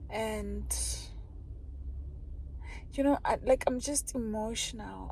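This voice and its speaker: A woman's voice: a little high, slow pace, creaky, pauses often, warm tone, slight background noise, rough recording. A woman chatting in a heartfelt, chatty way to her vlog viewers, calling them guys. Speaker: vlogger. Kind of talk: casual vlog chat.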